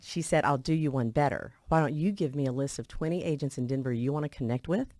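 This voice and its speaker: A woman's voice: a bass voice, fast talker, warm tone, no echo, studio quality. A woman, a real estate agent telling stories in a chatty way, with frequent fillers. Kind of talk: casual interview talk.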